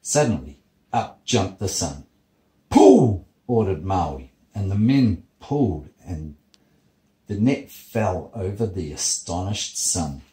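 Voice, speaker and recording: A man, a father reading a bedtime story steadily and gently in his child's bedroom. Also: low voice, lively intonation, slow, echoey room, poor audio.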